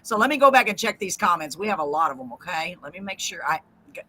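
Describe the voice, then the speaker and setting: A woman's voice: lowish voice, sing-song, fast, bright, forceful tone, husky. A middle-aged woman with a Texan accent, hosting a live show and chatting casually while reading viewer comments aloud. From Central Texas. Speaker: host of a live online show. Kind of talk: casual live-stream chat.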